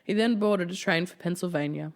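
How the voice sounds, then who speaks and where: A woman's voice: on the low side, a little fast. A woman hosting a casual true-crime podcast, swearing freely and laughing through the grim details. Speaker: podcast host telling a true-crime case.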